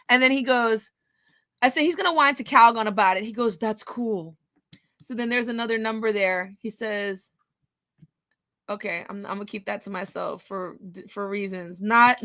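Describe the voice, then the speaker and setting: A woman giving crude, mocking commentary while reading text messages aloud, swinging between hushed asides and loud outbursts. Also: on the high side, no echo.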